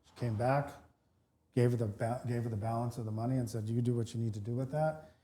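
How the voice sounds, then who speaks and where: A man tells a long anecdote on a podcast, quoting people as he goes and often restarting his sentences. His voice sits in a middle pitch with a mellow, dark tone. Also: fast talker. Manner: animated storyteller, many restarts, acts out both sides of dialogue. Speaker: podcast co-host, real estate broker. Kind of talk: casual storytelling chat.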